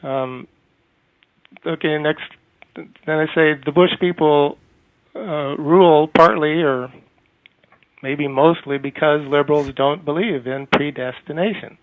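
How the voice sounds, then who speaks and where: A man calling in to a talk show, speaking haltingly with many hesitations and partly reading from notes. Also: fairly high pitch. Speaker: caller. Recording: tinny phone line.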